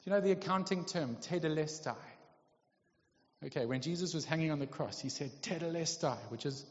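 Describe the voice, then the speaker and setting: A man's voice: fairly high pitch, brisk. A man preaching a sermon in a conversational way, often checking in with his listeners. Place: church hall. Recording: lo-fi, echoey hall.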